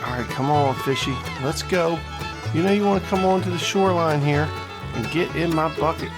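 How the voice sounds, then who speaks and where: A man giving casual, joking play-by-play commentary as host of a gaming video, excitable and full of trash talk. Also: fairly high pitch, moderate pace, over music.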